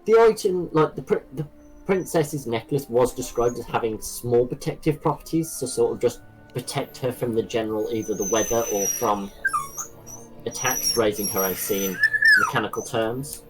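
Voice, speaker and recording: A man's voice: medium pitch, normal speed, loud music behind the voice, low-quality recording. A man acting as game master, explaining rules and scenes with many restarts. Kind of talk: narrating a tabletop game.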